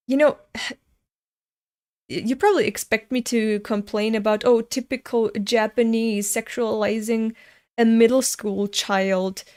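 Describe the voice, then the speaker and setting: A woman's voice: mid-range voice, a little mellow. A woman in her twenties reading a comic aloud and ranting frankly about it, swearing freely. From Europe. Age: 20s. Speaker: webcomic reader and commentator.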